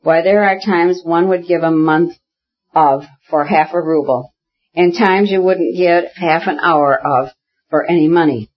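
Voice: medium pitch, unhurried, highs cut off, close to an everyday voice. A reader doing a jovial chatty colonel. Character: older man, a colonel, jovial and talkative. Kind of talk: audiobook character reading.

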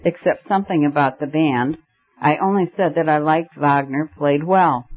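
A man's voice: a little high, normal speed, close to an everyday voice. A man reading an audiobook, voicing a proud, scornful aristocratic marquis with a haughty manner. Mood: polite. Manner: haughty, flaring to anger. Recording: dull lo-fi recording.

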